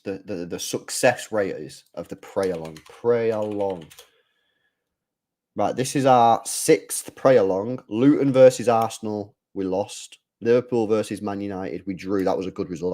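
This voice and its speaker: A man hosting a live football watch-along, chatting casually in slang, reading out chat and reacting with excited outbursts when the play heats up. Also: fairly low pitch, unhurried.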